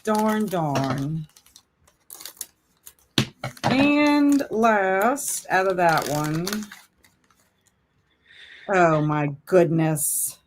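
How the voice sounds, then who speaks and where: A woman's voice: fairly low pitch, expressive, extremely slow, long pauses, background noise. A woman hosting a casual reading livestream, chatting along and sighing in mock-dramatic dismay. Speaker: livestream host. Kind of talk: casual chat on a reading stream.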